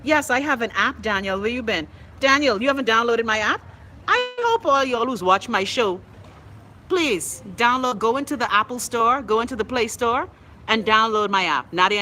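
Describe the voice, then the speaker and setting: A Bahamian woman hosting her own livestream show, telling stories and reading viewer comments in a loud, animated way. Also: fairly high pitch, normal speed, slight background noise, rough recording. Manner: animated, loud storytelling with bursts of laughter.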